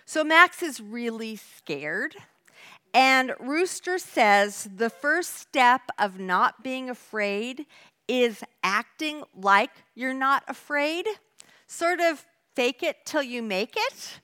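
Woman teacher, high pitch, very lively, bright tone, conversational sermon. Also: slow pace, smooth. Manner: conversational, animated retelling. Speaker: church teacher.

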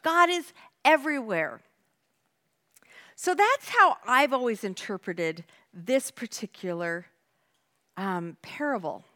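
Woman teacher, high pitch, very lively, bright tone, conversational sermon. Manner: conversational, animated retelling. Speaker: church teacher.

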